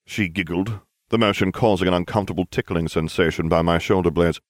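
Low-voiced man reading a story. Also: a little fast, hardly any pauses, no echo. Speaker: narrator.

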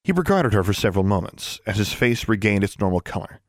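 Steady and measured, a man with a low-leaning voice narrates an audiobook. The studio recording is clean, with no audible room.

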